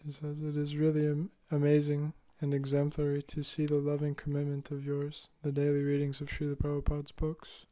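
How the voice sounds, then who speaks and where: A man reads listener comments aloud in a completely level monotone. His voice is mellow and dark, and he keeps a steady pace over an online call. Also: a little high, brisk, hardly any pauses. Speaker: reading out listener messages.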